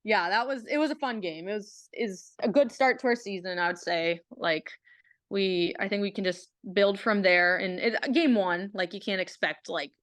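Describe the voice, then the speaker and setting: A woman's voice: medium pitch, normal speed, fairly bright tone, no echo. A young woman, a college athlete, chatting casually in an interview, often repeating words and using fillers. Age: young adult.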